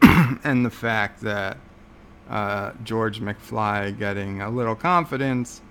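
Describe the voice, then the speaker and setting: Male livestream host, gravelly, slow-talking, sarcastic rambler, faint hum in the room. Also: on the low side, fairly bright tone. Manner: rambling, sarcastic, many filler words. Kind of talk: casual livestream chat.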